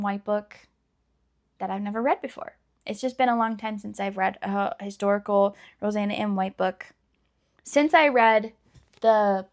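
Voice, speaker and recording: A woman with a high, bright-sounding voice talks casually to her viewers. She is emotional and gushing, stretching out words for dramatic effect. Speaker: book vlogger. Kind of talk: casual chat.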